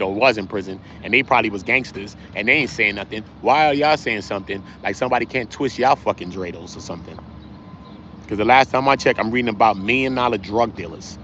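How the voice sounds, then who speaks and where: A man hosting a casual livestream, talking straight to his chat in slangy, animated speech. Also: on the low side, dull audio, slight background noise. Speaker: livestream host.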